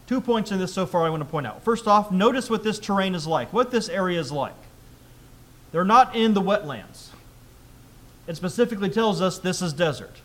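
High-voiced male preacher. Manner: conversational, with rhetorical questions; reads scripture aloud louder. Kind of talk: sermon.

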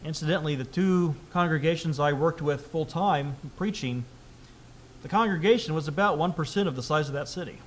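A man preaching a sermon in a conversational way, asking rhetorical questions and reading scripture aloud more loudly. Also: on the high side, a little fast, a little hiss or hum. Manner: reads scripture aloud louder.

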